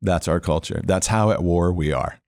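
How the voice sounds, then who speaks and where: A man's voice: low-pitched, normal speed, vocal fry, no echo. A man, a former police officer, telling a long story as a podcast guest, acting out the people in it and laughing now and then. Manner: animated storyteller who acts out the people he quotes; laughs often while telling. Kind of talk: storytelling interview.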